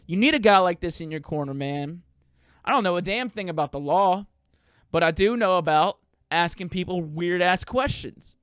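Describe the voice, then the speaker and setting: A man's voice: sits high, animated, moderate pace, a bit bright, clear, resonant tone, no echo, studio quality. A young man hosting a podcast, talking in a profane, rambling, self-deprecating way. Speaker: podcast host. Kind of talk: casual comedic monologue.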